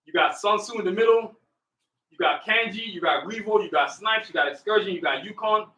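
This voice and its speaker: A man's voice: sits high, a little fast, pushed and bright, husky. A man hosting his own livestream, talking casually in a hyped, motivational, slangy way straight to his viewers. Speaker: livestream host, artist.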